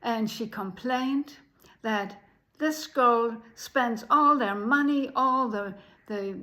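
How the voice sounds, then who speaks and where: A woman telling a folk tale in an unhurried way, pausing often. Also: on the high side, pushed and bright, low-quality recording. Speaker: storyteller.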